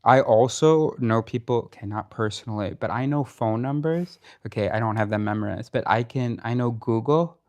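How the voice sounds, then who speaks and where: A man's voice: medium pitch, moderate pace, hardly any pauses, darkish tone. A man arguing with his partner in a casual conversation, pressing his points in a sarcastic, challenging way. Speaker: partner in a debate. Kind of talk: casual argument between partners.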